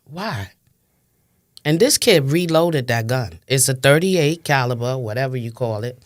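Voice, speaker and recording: Unhurried and speaking in a bass voice with lively intonation, this woman in her fifties from Brooklyn gives fervent, emphatic interview testimony in a New York accent, leaning on repeated phrases.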